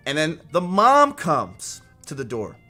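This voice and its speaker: Animated young man rambling to his chat. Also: fairly high pitch, slow, soft background music. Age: 20s. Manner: rambling, animated, swears often. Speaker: streamer. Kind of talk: casual storytelling to chat.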